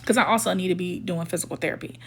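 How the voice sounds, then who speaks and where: A storytime vlogger tells a personal story casually, emphatic and indignant, acting out the quoted dialogue of the people involved. Her voice is on the low side, slightly rough and fairly bright. She speaks in a rapid-fire way.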